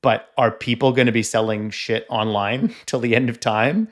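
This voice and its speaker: A man's voice: mid-range voice, fairly even intonation, moderate pace. A man from Canada co-hosting a tech podcast, wry and joking, often hedging his views. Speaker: podcast co-host. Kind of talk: casual podcast chat.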